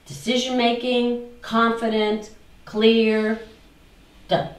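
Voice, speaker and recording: Spiritual teacher lady talking to a class, slow and animated, roomy far-off sound. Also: fairly high pitch. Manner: animated, repeats phrases in mock voices, asks the class questions. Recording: echoey room, mic far off.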